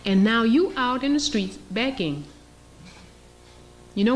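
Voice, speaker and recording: A woman's voice: on the high side, expressive, slow pace, long pauses. A woman professor from Haiti lecturing with passion, sarcastic and rhetorical. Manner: rhetorical, sarcastic, role-playing scenarios. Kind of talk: impassioned lecture.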